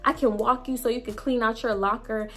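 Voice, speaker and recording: A woman's voice: a little high, fairly even intonation, brisk, fairly bright tone. A woman voicing a stern male store manager who lectures about company rules, in a storytime retelling. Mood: lecturing.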